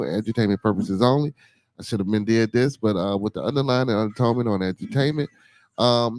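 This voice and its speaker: Deliberate Chicago man hosting a podcast. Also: on the low side, darkish tone. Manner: deliberate, repeats words, calls people man and brother. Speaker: podcast host. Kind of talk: casual call-in discussion.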